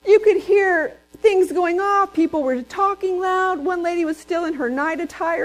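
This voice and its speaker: A woman from Texas, preaching a sermon in a lively storytelling way and asking the congregation questions. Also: extremely high pitch, normal speed, few pauses, poor audio. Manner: lively storyteller who acts out quotes and asks the congregation questions.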